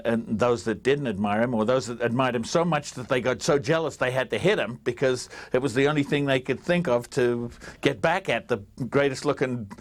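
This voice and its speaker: An older man, answering interview questions with animated stories, laughing and acting out the voices of people he quotes. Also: mid-range voice. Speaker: interviewee, writer on a TV special. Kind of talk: anecdotal interview storytelling.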